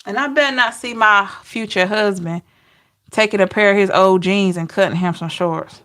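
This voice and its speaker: This tarot reader, a woman, keeps things casual with her live-stream viewers, laughing and responding to them by name amid long, disbelieving exclamations. Hers is a mid-range voice with a fairly bright tone.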